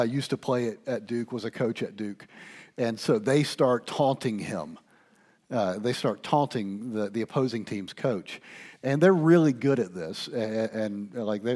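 Guy preaching a sermon, kinda husky, gets loud then goes real quiet. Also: on the low side. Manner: swings from quiet to loud, animated storytelling.

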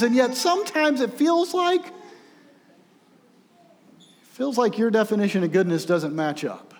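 A male pastor preaching a sermon, telling stories in a conversational, animated way. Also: very high-pitched, unhurried, pauses often. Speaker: senior pastor. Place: church sanctuary. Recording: long reverb of a large hall.

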